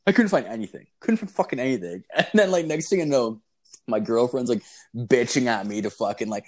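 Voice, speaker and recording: A man's voice: lowish voice, expressive, normal speed. A man casually telling a long story, rambling and swearing, often laughing as he goes. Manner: rambling, profane, laughing as he tells it.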